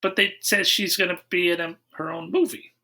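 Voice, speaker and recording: A man's voice: high-pitched, fairly even intonation, brisk, bright, forceful tone. A man co-hosting a podcast in casual chat, joking and acting out lines from a movie. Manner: jokey, mimics movie characters in quoted asides. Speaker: podcast co-host.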